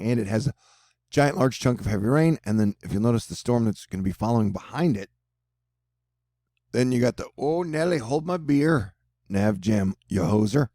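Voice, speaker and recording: A Texan man chats his way through tropical storm forecasts in a dark, gravelly voice, cracking odd jokes as he goes. The sound is dry and close, like a home setup. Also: lowish voice, dry recording. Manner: joking, rambling, offbeat asides. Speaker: weather video host. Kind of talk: casual storm-tracking commentary over forecast maps.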